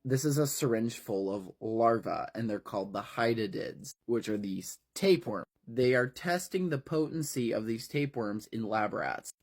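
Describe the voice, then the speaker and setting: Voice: medium pitch, lively intonation, normal speed, hardly any pauses. A narrator casually retelling a horror novel part by part, talking in a wry, conversational way with frequent fillers.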